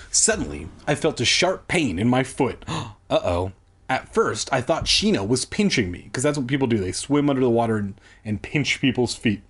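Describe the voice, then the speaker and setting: A man's voice: medium pitch, breathy edge. A man reading a kids' book aloud for laughs, breaking off into profane, self-deprecating asides.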